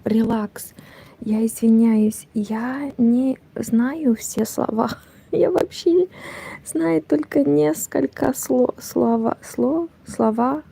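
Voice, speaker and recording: Young woman, hushed half-whispered chat, slow, gravelly, mellow tone, rambling. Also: on the high side. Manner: hushed, partly whispered talk; rambling, self-correcting. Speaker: crochet vlogger. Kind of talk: casual chat while crocheting.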